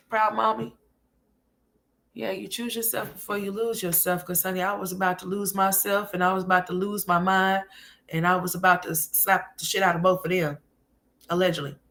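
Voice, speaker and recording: A middle-aged woman talks through her commentary in a casual, candid way, swearing freely and addressing viewers as honey. Her voice is bright and clear, with a mid-range pitch. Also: little pitch movement, moderate pace, long pauses. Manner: candid, emphatic and profane, calls listeners honey. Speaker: commentary channel host.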